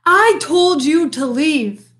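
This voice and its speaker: A woman voicing a grumpy male bear who keeps losing his temper, with loud, exasperated outbursts. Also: high-pitched, fairly even intonation, normal speed, natural voice.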